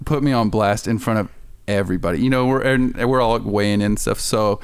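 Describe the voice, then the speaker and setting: A man's voice: fairly low pitch, fast talker, clean tone, dry recording. A young man, a podcast guest, telling a story in casual chat, laughing often and acting out the voices of people in it. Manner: animated, laughing, acts out quoted voices.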